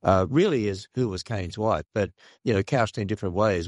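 An older man with an Australian accent, speaking earnestly and haltingly as a radio interview guest. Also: on the low side, no echo, studio quality. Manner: earnest, measured, halting with restarts. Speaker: guest, creationist ministry leader.

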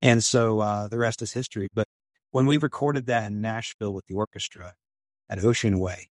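A man's voice: lowish voice, fairly even intonation, fairly quick, dry recording. A man in an interview telling a story with enthusiasm, acting out quotes in a raised voice. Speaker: film director and writer.

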